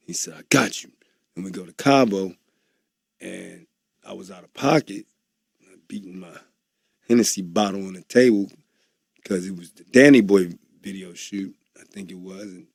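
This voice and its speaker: A man with a low, gravelly voice tells stories in an interview and slips into the voices of the people in them. The recording is dry and close. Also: normal speed, long pauses, no echo. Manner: animated, acts out quoted voices. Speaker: interview guest. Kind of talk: anecdotal storytelling.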